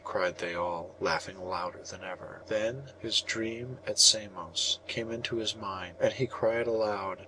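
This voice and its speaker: A man reading an old storybook aloud in a measured, expressive way. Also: on the low side, noisy background. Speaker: audiobook narrator. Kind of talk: storybook narration.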